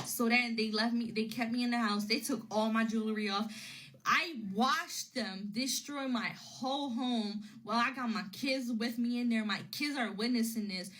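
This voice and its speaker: Woman rambling through a story, high voice. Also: normal speed, fairly bright tone, low-quality recording. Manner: rambling, repeats phrases, retells with "I'm like". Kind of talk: casual storytelling to camera. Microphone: phone.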